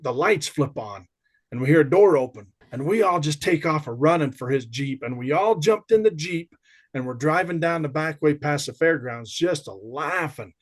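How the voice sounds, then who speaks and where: A man in his fifties spins lively anecdotes as a podcast guest. His pitch sits a little high for a man, and he talks in an easy, laughing, conversational way. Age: 50s. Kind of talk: casual storytelling chat.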